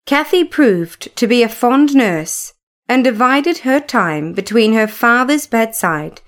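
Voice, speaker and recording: A woman reads a classic novel aloud in a measured, even voice, as scripted storybook narration. Her pitch is fairly high, and she speaks slowly and deliberately.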